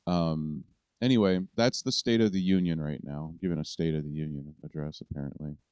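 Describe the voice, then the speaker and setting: Deep-voiced guy ranting into a mic, smooth voice, dry dull sound, rambles and swears. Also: brisk, a little mellow, no echo. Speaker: political commentary host. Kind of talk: casual ranting commentary.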